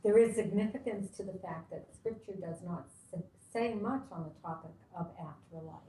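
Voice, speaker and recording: A woman with a low, mellow voice reads a passage aloud in a steady, even way. She is heard from well away from the mic, in an echoey room with a faint ambient hum. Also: moderate pace, distant mic. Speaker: class participant reading a text aloud. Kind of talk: reading aloud.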